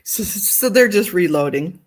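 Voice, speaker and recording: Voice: medium pitch, expressive, unhurried. A livestream host in casual chat, thinking aloud while fumbling with files on a computer.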